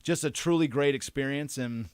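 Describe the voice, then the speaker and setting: A man co-hosting a podcast, telling rambling anecdotes with many restarts and fillers, getting animated and laughing as he tells them. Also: mid-range voice, moderate pace, clean tone, dry recording. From Detroit area. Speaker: podcast co-host. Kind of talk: casual chat.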